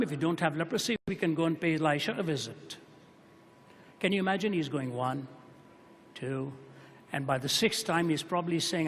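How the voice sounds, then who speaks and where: Guy preaching a sermon, highish voice, storytelling big then going quiet, long hall echo. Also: creaky, a little hiss or hum. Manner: dramatic storytelling, voice rising and dropping to a hush.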